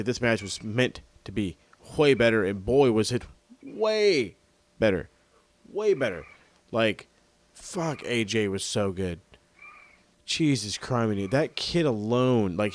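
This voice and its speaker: A man co-hosting a podcast, chatting casually and enthusiastically, swearing now and then. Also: lowish voice. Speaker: podcast co-host. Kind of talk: casual wrestling review chat.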